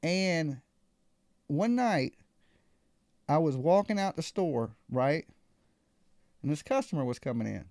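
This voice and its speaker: A man's voice: on the high side, very animated, slow, pauses often, a little mellow, no echo, studio quality. A man hosting a live call-in show, telling a story casually and acting out other people's lines.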